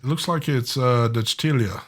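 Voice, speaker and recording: A man's voice: mid-range voice, normal speed. A man hosting a live online show in casual chat, talking in an easygoing, drawling way with frequent fillers. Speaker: host of a live vape show.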